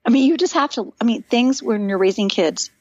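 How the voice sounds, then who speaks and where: A middle-aged woman, a guest on a podcast, telling stories in an animated, earnest and encouraging way. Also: a little high, fairly quick, husky, dry recording, dull audio. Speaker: podcast guest, author and speaker. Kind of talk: casual chat.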